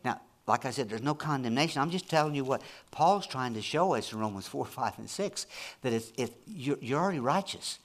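Preacher guy at a church service, really animated, swings his voice up n down, keeps repeating lines. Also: mid-range voice, a little fast. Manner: animated and emphatic, repeating phrases. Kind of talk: sermon.

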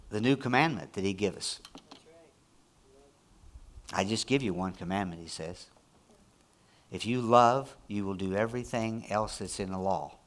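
A man preaching a sermon, moving between quiet, low passages and loud, high-pitched, excited prayer. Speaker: pastor.

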